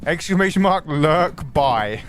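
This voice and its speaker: A man's voice: on the high side, animated, slow, soft background music. A man streaming a game live, commenting animatedly, swearing and greeting his chat.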